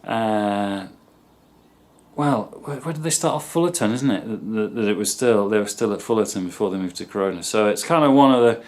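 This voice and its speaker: A man chats casually to the camera, his voice sitting a little low. He rambles and hesitates with plenty of ums, speaking in a relaxed, unscripted way. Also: brisk. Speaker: guitar demo presenter.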